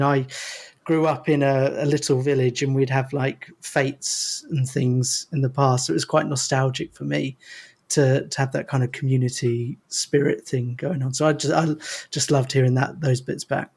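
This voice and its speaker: A man's voice: mid-range voice, little pitch movement, normal speed, gravelly, a little mellow. A man, a podcast guest who chats in a hesitant, self-deprecating way. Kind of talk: casual chat.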